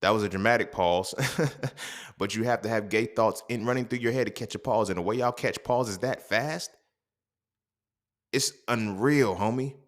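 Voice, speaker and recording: A man's voice: fairly low pitch, moderate pace. A man delivering a casual, profane monologue, blunt and streetwise, firing off rhetorical questions. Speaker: podcast host.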